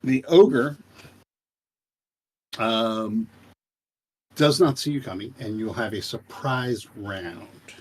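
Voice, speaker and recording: A man narrating a tabletop game as game master, unhurried and pausing often with fillers. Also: lowish voice, husky.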